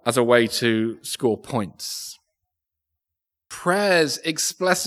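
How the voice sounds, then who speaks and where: A man from England gives an earnest church sermon in a fairly high, fairly bright voice. He tends to repeat words as he thinks aloud, and the room rings with long, echoey reverb.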